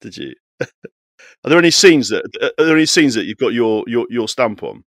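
A man's voice: mid-range voice, very animated, moderate pace, fairly bright tone, dry recording, clean studio sound. A man in his forties hosting a podcast, upbeat and teasing in casual chat. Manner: upbeat, teasing, prompts others. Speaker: podcast host.

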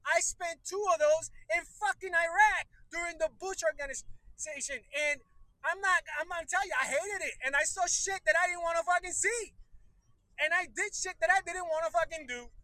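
A man's voice: very high-pitched, moderate pace, sharp tone, dry recording, low-quality recording. A man from the United States in his thirties, ranting in casual commentary, exasperated and profane, often breaking into laughter.

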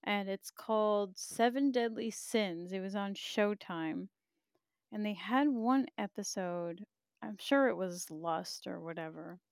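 Slow, gravelly-voiced woman podcast host. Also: mid-range voice, no room sound, clean studio sound. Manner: candid, profane, laughs often. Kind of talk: casual live-stream chat reading comments.

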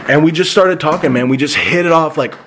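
A man's voice: a little high, a little fast, a bit bright, slight background noise. A man hosting a podcast, telling loose, profane, rambling anecdotes in casual chat. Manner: frequent restarts and fillers. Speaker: podcast host.

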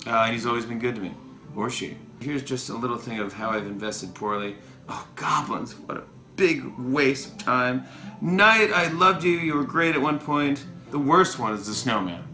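A man giving casual, playful commentary while playing a mobile game, excitable and trash-talking his opponents. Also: on the low side. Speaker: talk show host.

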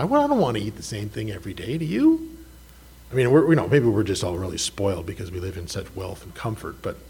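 A man delivering a sermon in a husky, slightly rough voice. His pitch rises and falls in an animated way as he asks questions of the congregation. The tone stays conversational and candid. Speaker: pastor.

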